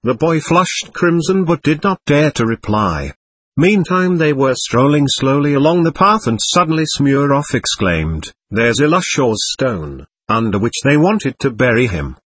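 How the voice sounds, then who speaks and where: A man narrating a novel as an audiobook, reading in an expressive, lively way. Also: fairly high pitch, normal speed, slightly rough, dry recording.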